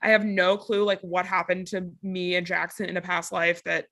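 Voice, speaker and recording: Woman cohost, bright sharp voice, blunt jokey rants. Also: lowish voice, level tone, moderate pace. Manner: blunt, jokey, exaggerated asides. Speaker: podcast co-host. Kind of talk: casual chat.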